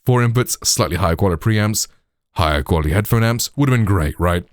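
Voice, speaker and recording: A man's voice: lowish voice, animated, fast, no echo. A British man hosting a tech tutorial, explaining in a chatty way full of "like", "you know" and "right", through a processed studio microphone.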